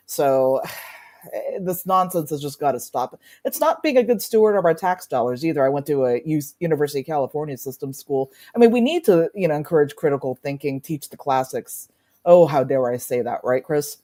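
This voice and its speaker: A woman's voice: deep voice, animated, fairly quick, mellow. A woman panelist on a political talk show, telling a story in an earnest, indignant way.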